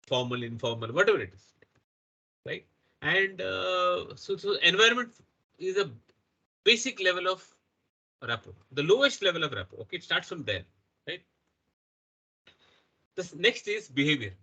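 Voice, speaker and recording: A man's voice: on the high side, bright, forceful tone, breathy edge, lo-fi sound. A middle-aged man with an Indian English accent leads an interactive workshop, often checking in with the audience by asking "right?" and "okay?". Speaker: workshop trainer.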